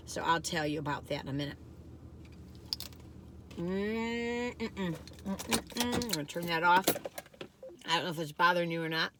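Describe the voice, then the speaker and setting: A chatty woman vlogs a food taste test, rambling casually as she eats and laughing often. Her voice is medium in pitch, with background noise behind it.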